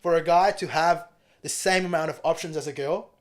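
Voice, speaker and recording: A young man whose voice pitches slightly above most men's appears as a guest in a casual studio podcast chat. Talking fairly quickly into a studio mic, he's blunt, opinionated, and swears plenty.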